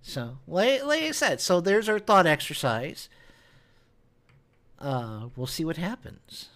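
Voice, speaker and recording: A man's voice: on the high side, big pitch swings, takes it slowly, a bit bright. A man hosting a podcast, arguing earnestly in casual political chat, often restarting his sentences. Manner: earnest, argumentative, many restarts. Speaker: podcast host.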